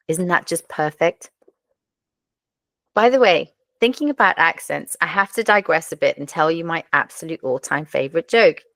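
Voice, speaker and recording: Low-voiced woman reviewing books. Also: lively intonation, moderate pace, creaky, a bit bright, no echo. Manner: wry, self-deprecating. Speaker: podcast host. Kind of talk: scripted book review talk.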